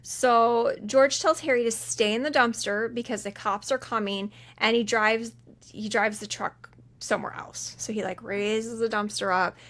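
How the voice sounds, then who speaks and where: Woman, fairly high voice, podcast co-host, lively movie recap, playful character voices. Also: unhurried. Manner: animated retelling, acts out quoted lines in funny voices. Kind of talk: casual movie recap chat.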